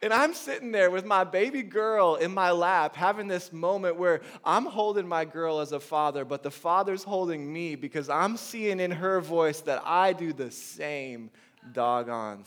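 A man in his thirties preaching a sermon, swinging from hushed, intimate lines to loud, urgent ones. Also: on the high side. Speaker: pastor.

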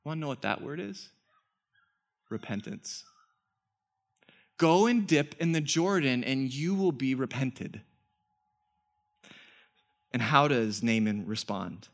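Man, pastor, high voice, animated sermon, rhetorical questions. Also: unhurried, pauses often. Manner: animated preaching, rhetorical questions, quoting scripture in character.

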